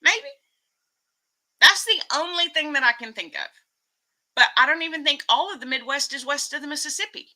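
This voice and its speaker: Bright-voiced Texan woman chatting on stream. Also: sits high, expressive, rough recording. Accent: Texas Southern. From Texas, US. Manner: chatty, giggly, quick to laugh. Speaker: vlogger reading live chat. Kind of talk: casual live-stream chat.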